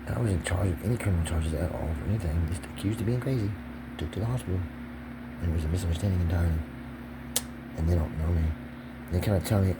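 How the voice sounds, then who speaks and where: Rambling low-voiced man, noisy background. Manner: rambling, drops to whispers then rises to agitated shouting; profane, pressured fast speech. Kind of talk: rambling monologue vlog.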